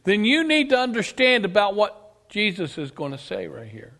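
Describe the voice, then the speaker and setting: A male preacher delivering an emphatic sermon, asking his congregation questions and swinging between loud declarations and quiet asides. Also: sits high, wildly swooping pitch, normal speed, creaky. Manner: emphatic, rises and drops sharply, asks the congregation questions. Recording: long reverb of a church hall.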